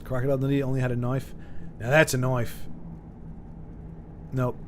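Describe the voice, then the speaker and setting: A man's voice: medium pitch, level tone, normal speed, a little hiss or hum. A man streaming live, chatting casually and rambling while he reads out viewer comments, with frequent restarts and chuckles.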